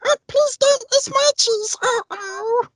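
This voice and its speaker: A squeaky, frightened little mouse. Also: male voice, slow pace, fairly bright tone, dry recording, exaggerated voice. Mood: pleading. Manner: high squeaky pleading cartoon squeal.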